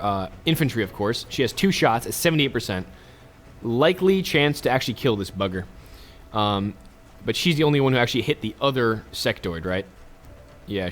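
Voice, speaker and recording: A man's voice: mid-range voice, a bit bright. A man hosting a let's play, giving casual, chatty commentary with joking asides to his viewers.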